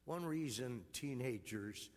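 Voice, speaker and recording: A man, a priest, giving an earnest, gentle homily in a church. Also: medium pitch, lively intonation, slow, in a large hall.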